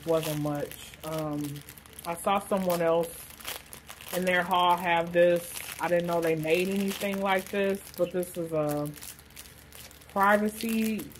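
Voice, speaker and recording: A woman's voice: on the low side, steady tone, takes it slowly, a little hiss or hum, low-quality recording. A woman casually chatting through a shopping haul, rambling with lots of fillers. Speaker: vlogger showing a shopping haul. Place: hot room with a fan blowing.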